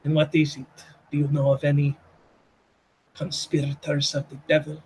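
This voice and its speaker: A man's voice: on the high side, completely flat delivery, a little mellow, breathy edge, low-quality recording. A man doing a pompous courtly vampire zealot. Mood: grandiose. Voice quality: pompous, formal, drawn-out.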